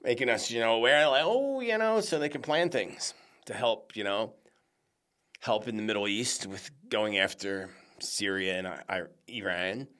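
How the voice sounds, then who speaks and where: A man's voice: lowish voice, moderate pace. A man hosting a psychic predictions show, talking casually and animatedly to his viewers, whom he calls friends. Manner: chatty, animated, addresses listeners as friends.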